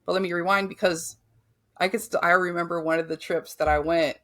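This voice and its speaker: A woman's voice: on the low side, steady tone, brisk, fairly bright tone. A woman guest on a podcast, telling a painful personal story candidly and bluntly, with frequent swearing and filler words.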